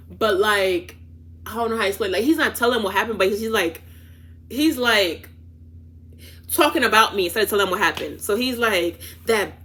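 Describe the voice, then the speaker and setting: A woman vlogger telling a casual storytime from home, talking in a lively, rambling way, with an accent that mixes African and New York sounds. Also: medium pitch. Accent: African and New York-tinged. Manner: animated, restarts and trails off with "da da da".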